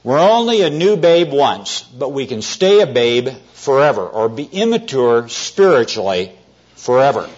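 Earnest preacher, lively husky voice. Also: male voice, mid-range voice. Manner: earnest storytelling, often slowing to stress words. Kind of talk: evening sermon to a congregation. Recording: dull lo-fi sermon recording.

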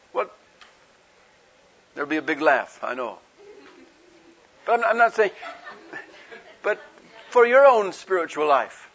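A man's voice: fairly high pitch, fairly bright tone, breathy edge. A man preaching a sermon in a folksy, conversational way, asking his listeners rhetorical questions and acting out the people he quotes. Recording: dull lo-fi recording.

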